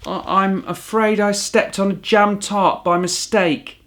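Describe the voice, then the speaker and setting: A man voicing a polite, earnest young bear who speaks softly and hesitantly in a storybook reading. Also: high voice, fairly even intonation, slow, pitched above the performer's own voice, full character voice.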